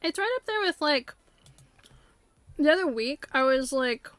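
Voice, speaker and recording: A woman's voice: high voice, expressive, unhurried, fairly bright tone, dry recording. A woman streamer chatting casually while playing, rambling with lots of fillers and breaking into silly voices. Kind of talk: casual chat while live-streaming a game. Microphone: desktop USB mic.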